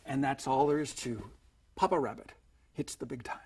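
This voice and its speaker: A man's voice: mid-range voice, moderate pace, a little mellow, slightly rough. A man teaching sleight-of-hand magic tricks in a chatty, playful way, slipping into showman patter as he demonstrates. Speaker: magic instructor.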